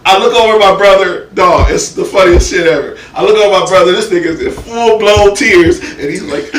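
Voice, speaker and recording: A man hosts a loose panel chat and tells his stories with animated energy, swearing freely as he goes. His voice sits high, and he sounds a little off-mic in a roomy space with a faint hum behind him. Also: brisk, recorded from a distance. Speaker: podcast host.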